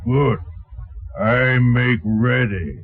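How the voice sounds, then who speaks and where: An actor playing a solemn male tribal fortune-teller who speaks in halting broken phrases, in old-time radio drama acting. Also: medium pitch, slight background noise. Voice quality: gravelly, slow, halting delivery. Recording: tinny old radio broadcast.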